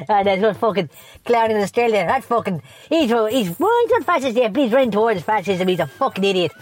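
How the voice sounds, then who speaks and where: A woman's voice: medium pitch, fast, a little mellow, natural voice. A woman playing a foul-mouthed, bitter man who rants and swears constantly for a comedy podcast. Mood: scornful. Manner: swears constantly, scornful ranting.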